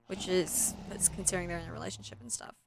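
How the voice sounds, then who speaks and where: A woman's voice: on the low side, fairly even intonation, quick pace, gravelly, a little hiss or hum. A young woman streaming a video game, chatting casually and retelling a film in between plays, with lots of likes and ums. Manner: chatty, scattered, filler-heavy, swears at the game.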